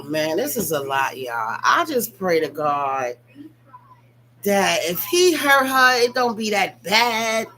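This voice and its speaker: Woman vlogger, bright tense tone, emphatic and profane reaction commentary. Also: a little high, a little hiss or hum. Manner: emphatic, profane, talks straight to viewers.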